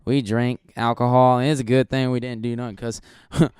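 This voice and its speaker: A young man hosting a podcast, telling a story in an animated, crude, joking way and laughing often. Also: mid-range voice, fairly quick, clean tone, no echo, studio quality. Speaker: podcast host. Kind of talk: casual storytelling.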